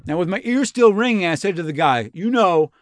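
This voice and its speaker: A man's voice: high-pitched, lively intonation, brisk, no room sound, studio quality, pitched above the performer's own voice. A man voicing a breathless, rambling young Roman envoy who talks like a slang-heavy, swearing bro. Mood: breathless, excited. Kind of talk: comic reenactment in a podcast.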